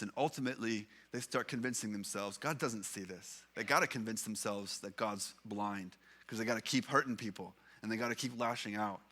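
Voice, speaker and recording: A male pastor with a Canadian English accent delivers a sermon in a bright, forceful voice. He speaks earnestly and gives weight to the scripture he quotes. His pitch sits in a middle register for a man. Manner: earnest preaching, reads psalms aloud with emphasis.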